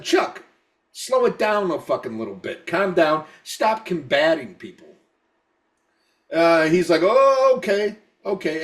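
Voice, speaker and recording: A man's voice: on the high side, recorded from a distance. A man co-hosting a podcast who says he is drunk, ranting in a profane, repetitive way with frequent stammering restarts. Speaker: podcast co-host. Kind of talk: casual podcast rant.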